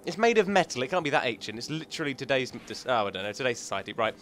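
A man's voice: medium pitch, big pitch swings, very fast, a bit bright, a little hiss or hum. A man hosting a gaming channel, chatting and joking casually as he thinks aloud through gameplay commentary.

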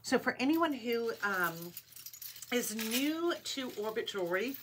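A woman's voice: a little high, expressive, a little slow, noisy background. A middle-aged woman with a Rhode Island accent, hosting a live jewelry sale stream and chatting casually, greeting viewers by name and repeating item numbers. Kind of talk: live-stream sales chat.

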